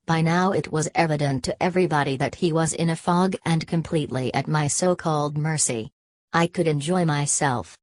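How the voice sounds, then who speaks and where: Low-voiced woman reading an audiobook. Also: normal speed. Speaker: audiobook narrator. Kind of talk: scripted narration.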